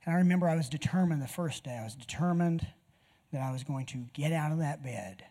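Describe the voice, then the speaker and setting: Speaking fast with a mellow, fry-laced voice on the high side, this man preaches a sermon of personal testimony in a church. He tells his story earnestly and addresses his listeners head-on.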